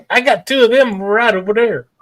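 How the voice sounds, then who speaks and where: A man's voice: high voice, measured pace, no room sound. An older man with a wry, self-deprecating humor, chatting on a live stream call.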